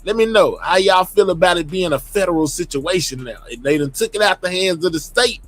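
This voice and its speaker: A man hosting a casual livestream, talking to his chat in an animated, slangy way. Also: high-pitched, a little fast, no echo, soft background music. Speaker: livestream host. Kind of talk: casual live commentary.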